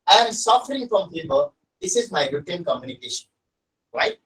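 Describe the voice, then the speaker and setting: A man's voice: high-pitched, sing-song, a little fast, a bit bright, recorded from a distance, rough recording. A man with an Odia Indian accent teaching an English lesson, stressing and repeating his key points to students. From Odisha, India. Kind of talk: classroom lesson.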